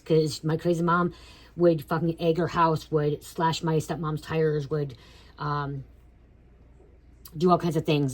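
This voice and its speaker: With a deep, slightly mellow voice, this thirtysomething tarot reader offers a casual spiritual reading. She doesn't mince words, curses often, and keeps asking "okay?".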